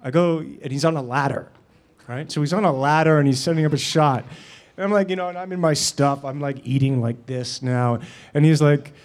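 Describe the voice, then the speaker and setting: A middle-aged actor answering questions at a live Q&A, telling stories in a halting way, full of fillers and restarts and quick laughs. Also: male voice, on the high side. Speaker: actor and guest at a Q&A. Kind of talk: anecdotal Q&A talk.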